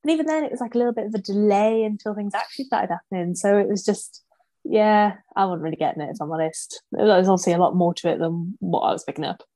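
A woman chats as a podcast guest, laughing into her words. Her voice sits at a mid pitch, recorded dry and close. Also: fast talker, dark tone, dry recording. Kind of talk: casual chat.

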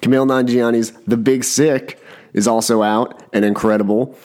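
A man's voice: medium pitch, fairly even intonation, normal speed, darkish tone. A man hosting his own podcast in a rambling, self-deprecating way, often restarting his sentences. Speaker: podcast host. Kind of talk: casual podcast monologue.

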